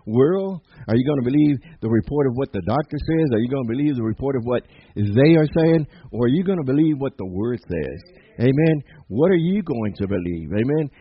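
In a church sanctuary, a pastor delivers an emphatic sermon punctuated by frequent amens. His mid-range voice is slightly rough, and the recording sounds muffled.

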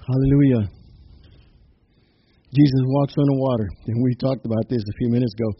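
A man's voice: medium pitch, steady tone, fairly quick, breathy edge. A man preaching a sermon who keeps dropping in "amen" and "hallelujah" and often repeats or restarts his words. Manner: punctuates phrases with "amen" and "hallelujah". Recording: dull muffled recording with faint noise.

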